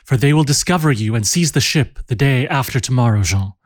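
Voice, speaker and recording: A male narrator voicing a quick-witted young woman who speaks urgently and imperiously. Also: mid-range voice, expressive, dry recording, clean studio sound, natural voice.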